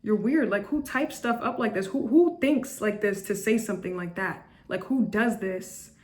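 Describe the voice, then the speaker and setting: A woman's voice: medium pitch, moderate pace. Chatty, blunt woman tarot reader. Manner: chatty, repetitive, with frequent restarts and "like"; blunt and judgmental. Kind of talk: casual tarot reading to camera.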